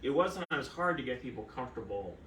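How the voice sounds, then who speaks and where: A man, a fertility doctor, chatting casually and telling animated stories, with a distant mic in a roomy space and steady background noise. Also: medium pitch, fast. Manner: animated storyteller, acts out quoted voices. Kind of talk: casual conversational storytelling.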